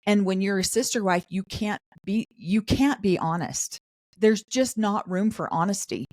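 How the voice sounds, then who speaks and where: A middle-aged woman co-hosting a podcast, chatting casually about a show and acting out the cast's lines in quick asides. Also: medium pitch, darkish tone, dry recording, clean studio sound. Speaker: podcast co-host. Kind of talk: casual recap chat.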